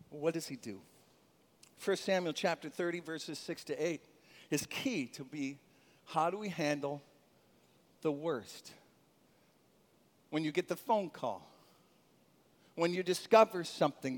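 A male pastor preaching a sermon in a church, animated, with chuckles and call-and-response with the congregation. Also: sits high. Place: church sanctuary. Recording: long reverb in a large hall.

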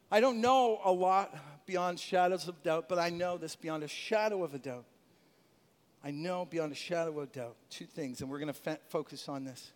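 A man preaching a lively sermon, swinging from loud shouts to hushed, intimate asides. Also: high voice. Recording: long hall reverb.

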